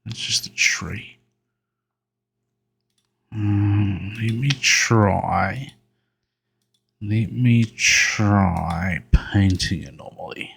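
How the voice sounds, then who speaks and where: A man's voice: on the low side, extremely slow, creaky, pauses often, fairly bright tone, husky. A man giving solo gameplay commentary, muttering to himself and talking to the game as he plays. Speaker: gaming video creator.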